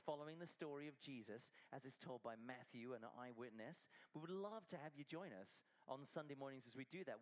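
A man's voice: medium pitch, poor audio. A man preaching at a church service, leading a children's object lesson with exclamations and questions to the congregation. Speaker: pastor.

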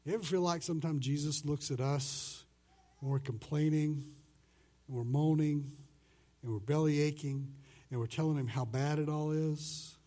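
A pastor preaching a conversational sermon who swings between loud and soft passages and acts out the voices he quotes. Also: fairly high pitch, steady tone, moderate pace.

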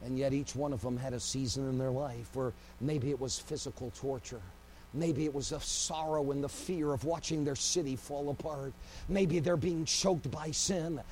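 A man preaching a sermon with great passion, swinging between loud cries and hushed, low passages. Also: fairly even intonation, normal speed, a little hiss or hum. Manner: impassioned, swings from shouting to hushed.

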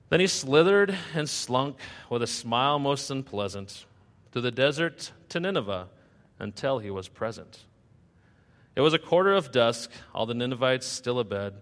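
A male pastor preaching in a lilting, rhyming rhythm, at a middle pitch. His voice carries the long reverb of a large hall. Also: animated, unhurried, a bit bright. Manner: rhythmic, sing-song rhyming delivery. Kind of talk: sermon with rhyming storytelling.

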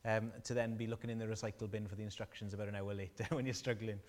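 A man preaching a sermon, animated and storytelling, asking the congregation questions. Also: on the low side, quick pace, big-room sound.

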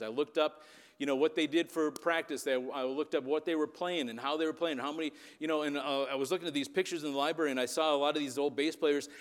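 A man's voice: a little high, fairly bright tone. Man preaching in a reverberant hall. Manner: conversational, checks in with listeners. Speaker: preacher and youth leader. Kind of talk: storytelling sermon. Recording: long reverb of a large hall.

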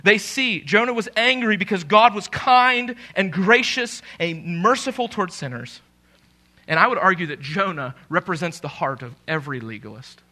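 Man, pastor, sermon, high voice, bright tone, animated, emphatic. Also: moderate pace. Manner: animated, conversational preaching with emphatic rises.

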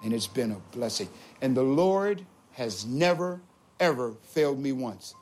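A man telling his conversion testimony as a story, swinging between excited high retellings and low, solemn moments. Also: unhurried, soft background music. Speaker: testimony speaker. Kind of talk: spoken testimony.

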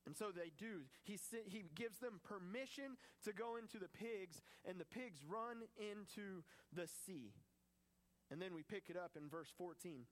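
A man preaching a sermon, animated and acting out the voices in the scripture he tells. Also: sits high, measured pace.

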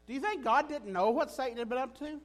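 A man preaching a sermon in a folksy, animated way, often asking his listeners "right?". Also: very high-pitched, fast talker.

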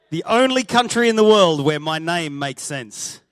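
A man's voice: fairly high pitch, animated, normal speed, dry recording. A man with an Australian accent, a guest preacher opening a sermon in a church with teasing jokes and a chatty, filler-laden delivery. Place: church hall with a congregation.

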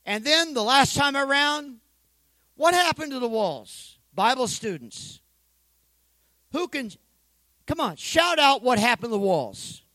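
A male pastor preaching an energetic sermon, calling for responses from the congregation and joking in between. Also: extremely high pitch, unhurried, pauses often, no room sound, poor audio. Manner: joking asides.

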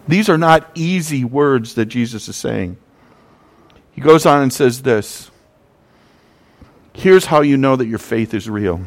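A man's voice: mid-range voice, moderate pace. A man preaching a sermon, telling stories and acting out the voices in them. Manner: preaching with scripture readings and sung verses. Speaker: pastor.

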